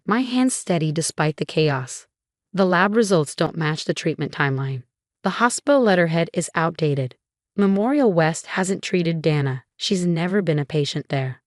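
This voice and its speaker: Low-voiced woman narrating a story. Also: no room sound, clean studio sound. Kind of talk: scripted first-person story narration.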